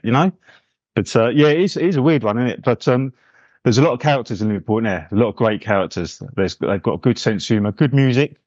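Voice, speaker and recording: A man hosts a podcast in a matey, chatty manner, tossing in lots of tag questions. His pitch sits in the middle. The sound is dry and a little dull. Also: quick pace, darkish tone, no room sound. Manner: matey, chatty, full of tags like "isn't it". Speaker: podcast host. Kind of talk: casual chat.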